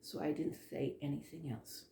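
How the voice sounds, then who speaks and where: A woman telling a ghost story in a casual, animated way, acting out the dialogue and sometimes dropping to a hush. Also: low voice, normal speed, creaky, echoey room, a little hiss or hum. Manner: animated, acts out dialogue, drops to hushed tones.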